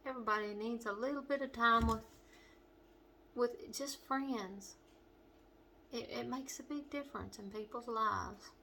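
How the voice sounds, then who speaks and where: A middle-aged woman with a western Kentucky accent, hosting a home cooking demonstration in her kitchen and chatting warmly to the viewer. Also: fairly high pitch, a little hiss or hum. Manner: homey and chatty, talking straight to the viewer. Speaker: cooking show host.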